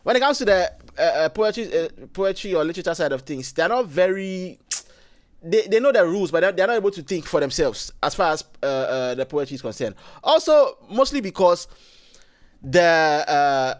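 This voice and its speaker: A man's voice: high voice, very animated, normal speed. A man with a Ghanaian English accent, hosting a casual livestream and thinking aloud with frequent self-corrections. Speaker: livestream host.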